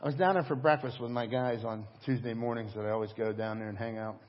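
A middle-aged man preaching a sermon as pastor, telling stories in an animated, conversational way. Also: mid-range voice, fast. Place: church service. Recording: dull echoing church hall audio.

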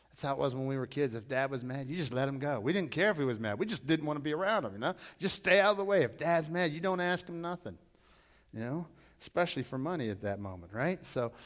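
A middle-aged male pastor with a medium-pitched voice delivers a storytelling sermon. He repeats himself and swells loud whenever he quotes scripture.

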